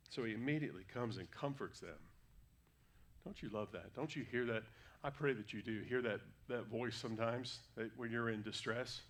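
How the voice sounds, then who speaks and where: Man, sermon, conversational, fillers and self-corrections, mid-pitched voice, church. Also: normal speed, fairly bright tone. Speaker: guest preacher. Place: church sanctuary.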